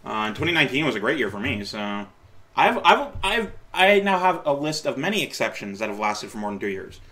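A man's voice: mid-range voice, big pitch swings, a little fast, pushed and bright. A man in his late twenties, rambling and self-correcting as he comments on his old video, laughing at himself and offering encouragement. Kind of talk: casual reaction commentary.

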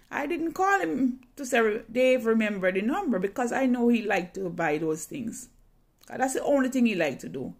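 A woman telling a personal story in a dramatic, emotional way, often repeating phrases. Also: sits high.

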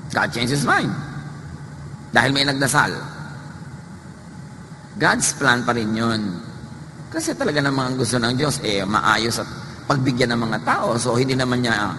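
A man's voice: mid-range voice, big pitch swings, moderate pace, pauses often, pushed and bright. A man with a Filipino accent preaching a sermon, mixing English and Tagalog and acting out the voices in the stories he tells. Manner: switches between English and Tagalog, acts out quoted voices. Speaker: pastor. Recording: long hall reverb with faint noise.

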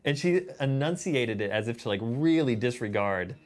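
A man's voice: mid-range voice, animated, normal speed. A man telling stories in a documentary interview, dry and sardonic. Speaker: VHS collector interviewee.

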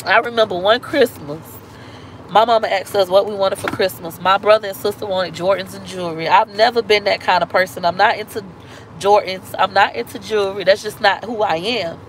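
A woman vlogger with a mid-range voice tells a painful family story on a live stream, blunt, emotional, and full of casual slang and cursing. She talks fast in bursts and slows down on the hurtful points, and the low-quality recording has a little hiss or hum.

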